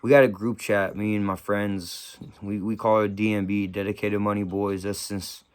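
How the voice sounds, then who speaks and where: A young man talks to camera in casual, slang-heavy speech. His voice sits low and comes through smooth and clean. He sounds subdued and grieving, often breaking off and restarting his sentences. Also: little pitch movement, normal speed. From San Francisco Bay Area. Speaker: vlogger telling a personal story.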